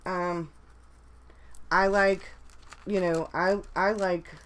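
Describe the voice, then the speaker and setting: A woman's voice: lowish voice, fairly even intonation, extremely slow, fairly bright tone. A woman in a casual live chat, talking in a rambling way with many restarts and fillers. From United States. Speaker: vlogger.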